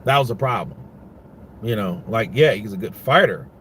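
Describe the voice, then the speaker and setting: A man's voice: fairly low pitch, animated, normal speed, fairly bright tone, a little hiss or hum. A man giving casual, rambling boxing commentary, full of profanity and restarts.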